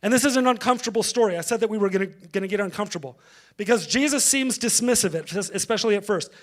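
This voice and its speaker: High-voiced male pastor preaching. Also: fast. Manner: conversational, engages the congregation. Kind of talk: sermon.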